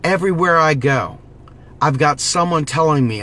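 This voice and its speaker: A man's voice: fairly high pitch, normal speed, sharp tone. A man giving an impassioned direct-to-camera monologue, preachy and urgent, repeating slogans as he rallies his viewers. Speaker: political vlogger.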